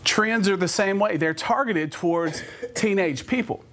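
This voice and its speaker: A middle-aged man, a youth minister giving a humorous talk to a youth group, telling animated stories and putting questions to his audience. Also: high voice, unhurried.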